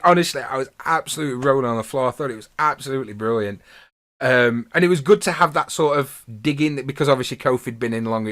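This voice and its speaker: This man hosts a podcast, and his voice sits in the middle range with a fairly bright tone. Wandering loosely through his wrestling review, he chuckles while recounting the amusing moments.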